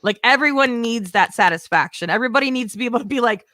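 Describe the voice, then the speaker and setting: A young woman tells a rambling stand-up story and acts out the people in it. Her voice is bright and rather high. The sound is dry and close. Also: animated, fast talker, hardly any pauses, dry recording. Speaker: stand-up comedian.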